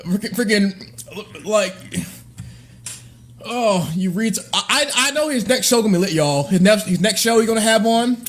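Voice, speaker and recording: A man's voice: high-pitched, animated, moderate pace. A man livestreaming a reaction, laughing helplessly, repeating himself and calling out to his chat. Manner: addresses chat directly. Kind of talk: live stream reaction.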